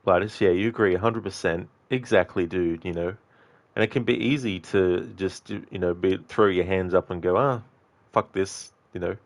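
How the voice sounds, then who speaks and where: Very deep-voiced man chatting with stream viewers. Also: fairly even intonation, moderate pace, no echo. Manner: rambling, chatty, answers viewers, swears freely. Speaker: game streamer. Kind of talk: casual live-stream chat.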